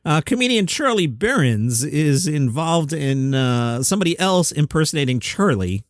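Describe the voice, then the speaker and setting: A man's voice: a little high, sing-song, normal speed, no echo, clean studio sound. A man hosting a comedy news show, recapping headlines in a casual, wry way with joking side comments. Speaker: comedy news podcast host.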